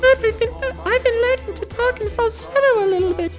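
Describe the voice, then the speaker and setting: A man talking in a thin falsetto voice he is practicing, playful and high. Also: a little fast, over music.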